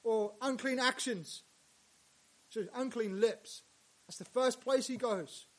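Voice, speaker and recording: A male pastor preaching a sermon, dropping to hushed lines and rising to loud, emphatic ones. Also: extremely high pitch, slow pace.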